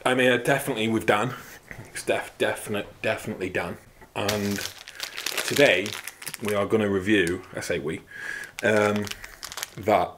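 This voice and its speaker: A man's voice: lowish voice, steady tone, normal speed, pauses often, a bit bright, a little hiss or hum. A young man hosting a fitness channel, cracking crude jokes and swearing through a casual product review. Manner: crude, joking, heavy swearing.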